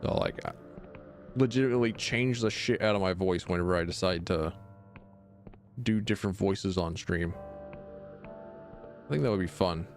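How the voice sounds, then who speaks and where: A man's voice: low-pitched, normal speed, long pauses, faint music behind. A man streaming a video game, talking in a casual, rambling way and often stammering and restarting his sentences as he jokes. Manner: rambling and stammering, with frequent restarts and jokey asides. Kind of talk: casual let's-play commentary.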